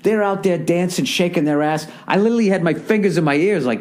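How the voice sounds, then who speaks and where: A man in his forties with a Boston accent rants through a comedic podcast monologue. His voice sits fairly high, and he swears freely as he tells the story with lots of energy. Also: fast talker. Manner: profane, ranting, animated storytelling. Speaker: podcast host.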